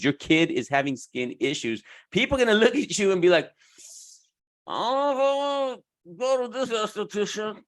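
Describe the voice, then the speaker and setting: Animated, slangy man talking to camera. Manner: animated, slangy, puts on high voices for quoted people. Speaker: esthetics business coach. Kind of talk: casual talk to camera.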